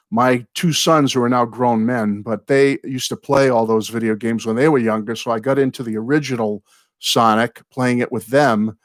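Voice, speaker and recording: A man's voice: medium pitch, no room sound. An American man in his sixties hosting a live chat, a rambling, chatty storyteller who often apologizes and thanks viewers. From United States. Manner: apologetic, warm toward viewers. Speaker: host.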